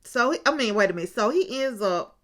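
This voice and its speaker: A woman's voice: a little high, expressive, a little fast, fairly bright tone. A woman hosting a casual recap of a reality TV show, acting out what people said and often turning to her viewers with asides. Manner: chatty storyteller with frequent asides to viewers.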